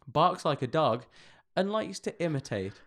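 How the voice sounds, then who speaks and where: A man's voice: fairly high pitch, big pitch swings, measured pace, fairly bright tone. A man co-hosting a comedy podcast, reading internet stories aloud with jokes and lots of swearing. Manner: swears a lot, jokey, reads stories aloud. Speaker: podcast co-host. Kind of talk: casual comedic chat.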